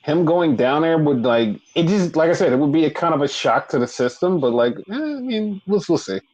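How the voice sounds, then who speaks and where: A man co-hosts a wrestling podcast, recounting the week's events in loose, casual chat packed with fillers and swearing. His voice is on the high side, animated and brisk, with a darkish tone, and the recording is rough.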